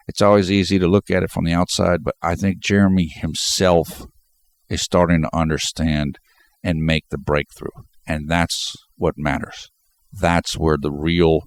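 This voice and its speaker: In his sports commentary vlog, a man running a basketball fan channel speaks in a low voice, with no room sound. His nose is stuffed up and congested, and he talks emphatically, repeating words as his points build.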